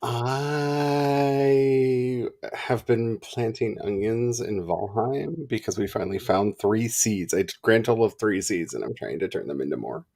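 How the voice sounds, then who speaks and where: A man co-hosting a livestream in casual chat, animated and chatty, laughing often. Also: on the low side, a little slow, vocal fry. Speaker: livestream co-host.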